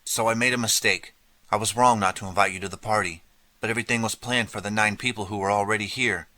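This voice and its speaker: A man's voice: lowish voice, fairly even intonation, fast talker, bright, forceful tone. A man voicing a proud, angry teenage girl hosting a party, icy and tense, in an audiobook.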